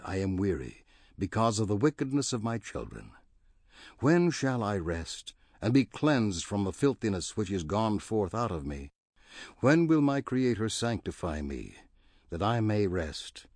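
A man reading the lament of the earth as a weary, grieving mother spirit, slow and mournful. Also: fairly low pitch, big pitch swings, a little mellow, no echo, clean studio sound, exaggerated voice.

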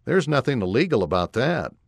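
A man reading aloud and voicing a calm, kindly father who speaks slowly and reassuringly. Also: mid-range voice, dry recording, studio quality. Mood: gentle.

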